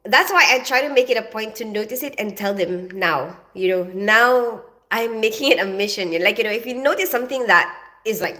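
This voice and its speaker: A woman's voice: a little high, expressive, normal speed, sharp tone. A middle-aged woman chatting casually on a live stream, rambling and greeting viewers by name, with lots of "you know" and "like". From half Filipino, half British. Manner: chatty, rambling, reads viewer comments aloud.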